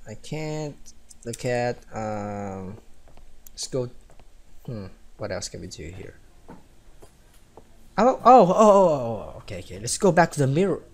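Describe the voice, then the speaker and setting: Animated young-sounding male gamer. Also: medium pitch. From Philippines. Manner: chatty, giggly, reads game text aloud. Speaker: gaming let's-player. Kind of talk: casual game commentary.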